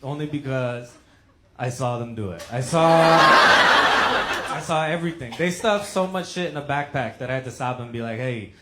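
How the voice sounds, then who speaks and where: A man with an average-pitched voice tells a laid-back stand-up story. His voice rings in an echoey room over a steady hiss. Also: moderate pace. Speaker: stand-up comedian.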